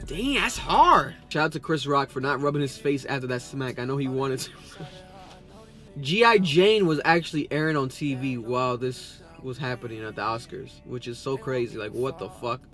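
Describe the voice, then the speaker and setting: A man hosting a podcast, reading social media posts aloud and reacting in a loud, profane, excitable way. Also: medium pitch, moderate pace, soft background music. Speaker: podcast host reacting to memes. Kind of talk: casual reaction commentary.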